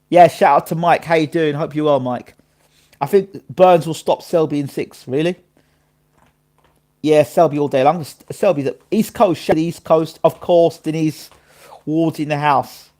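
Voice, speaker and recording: A man hosting a casual live boxing stream, chatting his opinions and shouting out viewers by name and place. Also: on the high side, steady tone, unhurried, long pauses.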